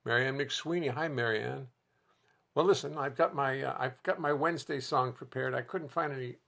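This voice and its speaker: Gravelly man chatting on a live stream. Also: mid-range voice, normal speed, a bit bright. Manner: rambling, chatty, jokes to viewers. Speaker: host and musician. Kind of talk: casual live-stream chat. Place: home music studio.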